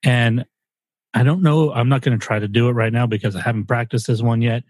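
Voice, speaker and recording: A man's voice: mid-range voice, fairly even intonation, fairly quick, a little mellow, dry recording. A man co-hosting a podcast, joking around in casual chat and slipping into put-on accents. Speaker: podcast co-host. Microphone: studio microphone.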